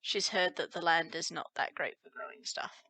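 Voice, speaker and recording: A woman teaching a folk song line by line, explaining each word slowly and singing the verses. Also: on the low side, gravelly, bright, forceful tone, slightly rough, dry recording. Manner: slow, explains word by word, sings lines. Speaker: language teacher.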